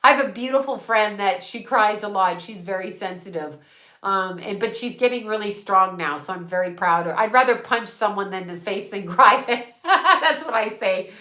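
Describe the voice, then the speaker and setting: A woman's voice: medium pitch, animated, moderate pace, sharp tone, roomy sound. A middle-aged woman, a psychic medium, chatting casually and bluntly, swearing freely and laughing often. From United States. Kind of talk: casual livestream chat.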